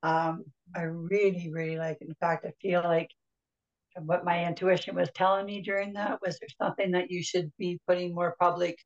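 A woman with a lowish voice hosts a podcast, chatting casually and affirming her guest with enthusiasm. Her audio sounds dull and lo-fi. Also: little pitch movement, moderate pace. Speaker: podcast host. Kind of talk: casual chat.

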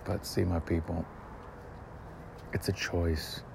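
Brief: deep-voiced man, slow, emphatic motivational vlogger recorded outdoors over noisy ambience. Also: level tone, gravelly. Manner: emphatic, preachy, swears, drops into dramatic whispers. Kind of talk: hyped daily motivational briefing. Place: outdoors in cold weather.

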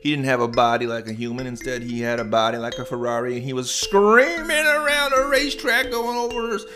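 A man narrating a children's bedtime story in a relaxed, improvised way, with restarts. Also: medium pitch, a little fast, music in the background. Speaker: storyteller and podcast host.

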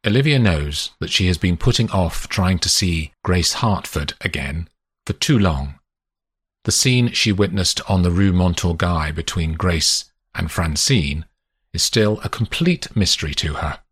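A man narrating an audiobook in a measured, lilting storytelling manner. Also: low-pitched, breathy edge, dry recording, clean studio sound. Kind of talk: scripted narration.

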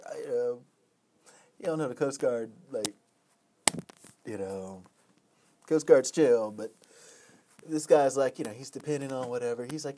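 A casual storyteller winds through a long joke, rambling and loose. The pitch sits in the middle range, and the telling is full of fillers. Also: unhurried, long pauses, mellow. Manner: rambling, many fillers like "you know, whatever".

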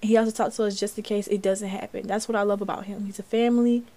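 A woman's voice: medium pitch, flat delivery, fast talker, mellow. A young woman from Florida hosting a podcast, chatting casually about celebrity news, reading articles aloud and reacting. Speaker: podcast host. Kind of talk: casual commentary.

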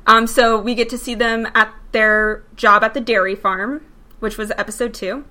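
A woman co-hosting a casual podcast chat. Her voice is bright and a little high. She slips in deadpan, sarcastic remarks as she talks. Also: normal speed. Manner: dry, sarcastic asides. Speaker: podcast co-host. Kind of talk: casual chat about a reality show.

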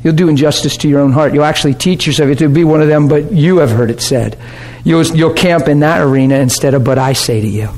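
A man's voice: a little high, steady tone, a little fast, few pauses, a little mellow. A male pastor teaching a class in a conversational way, checking in with listeners and often breaking into laughter. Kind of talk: sermon teaching. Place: warm classroom or church hall.

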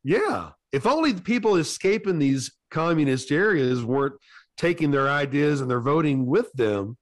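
A man's voice: fairly high pitch, lively intonation, moderate pace, dry recording, studio quality. A man hosting a talk show, chatty and full of fillers, asking his guest questions. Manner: chatty, many fillers and interjections. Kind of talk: interviewing a guest.

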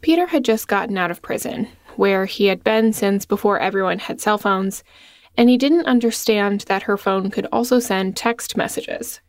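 A woman delivers scripted documentary narration, moving along in a steady, even tone. The voice is mid-pitched and recorded close and dry. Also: normal speed, no room sound.

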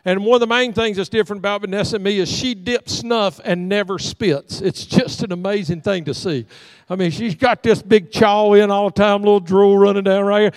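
A man's voice: sits high, steady tone, brisk, no room sound, in a large hall. A middle-aged man preaching a storytelling sermon in a church sanctuary, acting out the voices in his folksy stories. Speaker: pastor.

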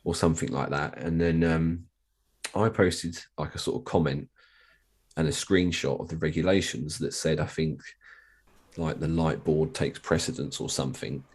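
A man with a flat, monotone way of talking, chatting casually as a podcast guest. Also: extremely low pitch, normal speed, husky. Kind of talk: casual chat.

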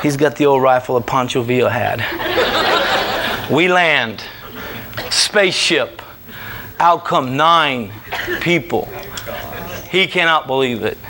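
A man telling a comic travel anecdote, animated, with laughing asides. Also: medium pitch, takes it slowly, pauses often, very noisy. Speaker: storyteller.

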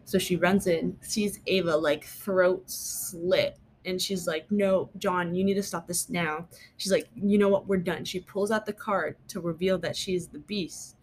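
A woman's voice: lowish voice, fairly even intonation, measured pace, slight background noise. A woman casually recapping a TV episode in a chatty, rambling way, full of fillers and emphatic asides. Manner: emphatic, mock-exasperated asides.

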